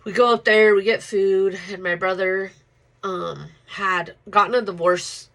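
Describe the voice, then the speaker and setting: A woman's voice: mid-range voice, steady tone, unhurried, fairly bright tone, rough recording. A woman telling a personal story in a casual, rambling way, full of fillers and blunt swearing.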